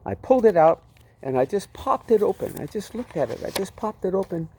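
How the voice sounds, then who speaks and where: Man telling a lively testimony. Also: high-pitched, a little fast, slight background noise. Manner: vivid, dramatic, with restarts. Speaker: storyteller giving his testimony. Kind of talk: personal testimony storytelling.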